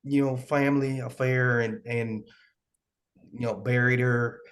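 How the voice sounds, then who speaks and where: A man's voice: medium pitch, fairly even intonation, unhurried. A man playing a troubled young man grieving his mother in a tabletop role-play, stammering and repeating words.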